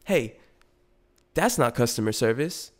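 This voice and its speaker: Profane, animated male podcast host. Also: mid-range voice, a little slow. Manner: profane, animated, frequent restarts and asides. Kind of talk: casual storytelling rant.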